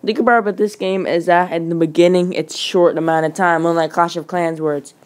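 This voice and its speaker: A woman narrates her mobile gameplay in a casual, rambling way, filling gaps with "like" and "um". Her voice sits fairly low for a woman. She hurries along as she flips between screens. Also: fairly even intonation. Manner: rambling, casual, quick with fillers. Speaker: gaming channel host. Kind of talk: gameplay commentary.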